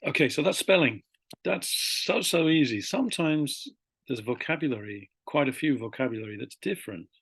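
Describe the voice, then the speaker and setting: Teacher, male, gravelly and a bit husky, dry close sound, chatty and rambling. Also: medium pitch, lively intonation, fairly bright tone, no echo. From Britain. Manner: chatty, rambling, with fillers and slowed-down spelled-out words. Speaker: English teacher. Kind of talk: casual classroom explanation.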